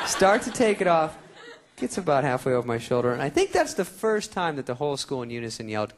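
A man's voice: mid-range voice, sing-song, fast talker, slight background noise. A man doing stand-up comedy on a theater stage, sarcastic and self-mocking. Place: theater stage before an audience. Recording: live concert recording with crowd. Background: audience laughter.

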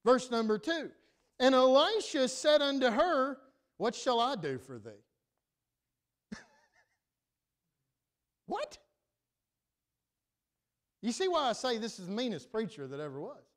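High-voiced man preaching a sermon. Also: slow, long pauses. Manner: animated preaching that swings from loud to quiet. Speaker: pastor. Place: church sanctuary.

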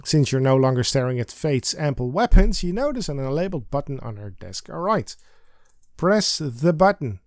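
A man with a medium-pitched, sing-song voice and moderate pace reads aloud from an old adventure game during his let's play. He's playful and giggly, singing and stressing lines comically, in a dry, studio-quality recording.

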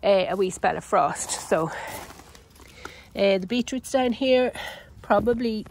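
An Irish woman at a middling pitch talks her way around her vegetable garden in a loose, chatty walkthrough. She is unhurried, stops often on ums, and corrects herself mid-sentence. Faint outdoor ambience with animal sounds sits behind her voice. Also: darkish tone, a little hiss or hum, rough recording. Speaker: home gardener and channel host.

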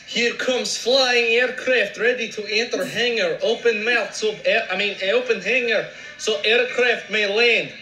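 A man's voice: high-pitched, measured pace, pushed and bright, reverberant, low-quality recording. A man putting on a Russian accent with broken English while playing an airplane-spoon game. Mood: playful. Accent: put-on Russian accent. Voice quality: broken, article-less English.

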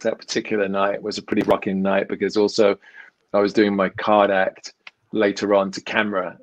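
A middle-aged man with a slightly low voice and an English accent that has picked up a hint of Canadian. He talks loosely and tells stories, often stopping to restart a sentence. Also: muffled recording. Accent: English, drifting toward Canadian. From England. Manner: chatty storyteller with frequent restarts. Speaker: magician and actor guest. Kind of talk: casual chat.

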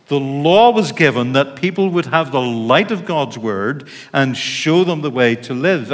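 A middle-aged man with a Northern Irish accent, a pastor preaching a sermon in an informal, chatty way, with asides to the congregation. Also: on the high side. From Northern Ireland. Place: church. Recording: reverberant church hall.

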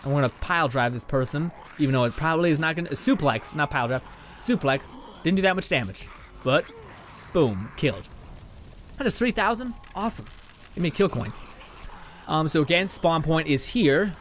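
A man's voice: on the high side, animated, moderate pace, fairly bright tone, a little hiss or hum. A young man from Canada giving casual, rambling let's-play commentary, laughing often and swearing casually as he plays. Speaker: gaming video host. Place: home room with green screen and lights.

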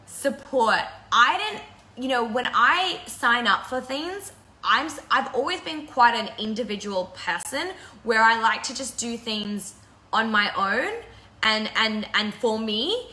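A woman hosting a live video and talking casually about something that moved her deeply, laughing through tears and chatting freely. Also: expressive, measured pace, pushed and bright, echoey room. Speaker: break-up counsellor and channel host.

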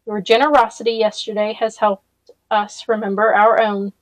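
A woman reading aloud, voicing a grave middle-aged woman who leads a town and speaks in a deep voice with a slight quiver. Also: little pitch movement, moderate pace, dry recording, close to an everyday voice, low-quality recording. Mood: solemn.

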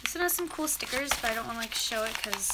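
A woman's voice: fairly high pitch, lively intonation, fast talker, very noisy. A teenage girl vlogger opening fan mail, chatty and gushing as she reads letters aloud. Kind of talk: casual mail-opening vlog.

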